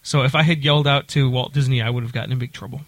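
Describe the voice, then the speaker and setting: A man's voice: medium pitch, fairly even intonation, rapid-fire, dry recording. A man telling a long story in casual chat, with lots of fillers and restarts. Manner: rambling, many fillers and restarts.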